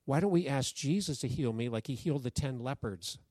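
A man voicing a sick young boy, soft and earnest, as he retells a story in a sermon. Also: mid-range voice, animated, fairly quick, dry recording, natural voice. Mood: earnest, weak.

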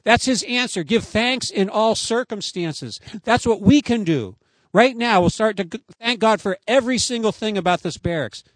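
A man preaching outdoors in a high, clear voice, earnest and emphatic as he builds each point. The sound is close and dry, with no room around it. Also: normal speed, no room sound. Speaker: pastor. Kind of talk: sermon.

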